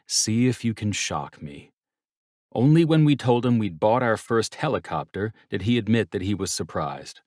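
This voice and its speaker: Deep-voiced male audiobook narrator. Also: animated, moderate pace, darkish tone, no room sound, studio quality. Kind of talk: first-person audiobook narration.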